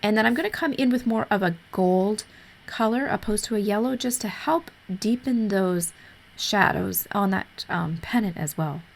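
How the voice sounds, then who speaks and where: A woman narrating a coloring tutorial in an easygoing, explanatory way, a little hoarse as she is losing her voice. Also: mid-range voice, moderate pace. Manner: easygoing, explanatory, with frequent fillers. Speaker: art tutorial host.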